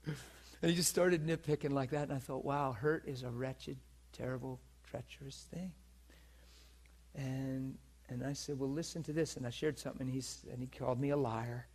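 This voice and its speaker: A man's voice: medium pitch, fairly even intonation, moderate pace. A man preaching, telling a personal story to a congregation and often checking that his listeners follow him. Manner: intimate storytelling that swings from hushed and tearful to loud and laughing. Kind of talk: sermon storytelling.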